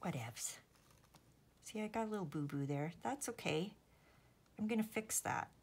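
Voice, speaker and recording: Gravelly woman chatting while crafting. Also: mid-range voice, expressive, normal speed, darkish tone. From Canada. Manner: chatty, self-deprecating, murmurs to herself while working. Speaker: host. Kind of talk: casual crafting vlog chat.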